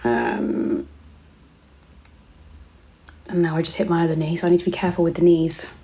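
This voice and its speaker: A woman's voice: sits low, moderate pace, dark tone, a little hiss or hum. Young english woman livestreaming, chatty, calls everyone darling, reads comments out. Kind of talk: casual live-stream chat.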